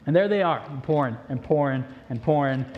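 A male preacher telling a story in a sermon, animated and joking, on a dull lo-fi recording. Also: on the high side, a little fast.

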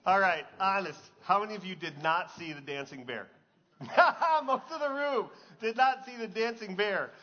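A man's voice: sits high, animated, moderate pace, dull audio. A male pastor preaching a sermon in a conversational, joking way, asking the congregation questions. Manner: conversational, jokey, asks the crowd questions.

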